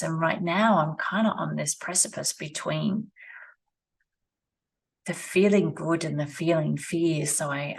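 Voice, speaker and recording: Low gravelly-voiced woman musing. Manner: slow, musing, repeats phrases. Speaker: vlogger. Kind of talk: reflective personal vlog monologue. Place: rural home with animals nearby.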